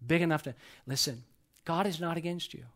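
Preaching man, loud peaks and hushed lows. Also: brisk. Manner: swings between loud emphatic peaks and soft hushed lows. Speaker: pastor. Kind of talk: sermon. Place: church sanctuary.

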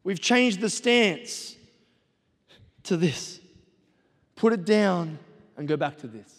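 A middle-aged man delivers a sermon in a fairly high voice, driving home his points with repeated exhortations. His voice carries the long reverb of a large church hall. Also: animated, slow. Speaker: pastor.

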